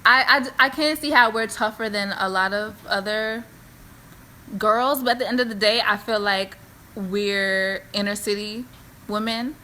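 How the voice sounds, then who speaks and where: A woman's voice: mid-range voice, fairly even intonation, a little slow, pushed and bright, slight background noise. A young woman from New City, hosting a casual chat and thinking aloud as she talks. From New York City. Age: young adult. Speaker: host.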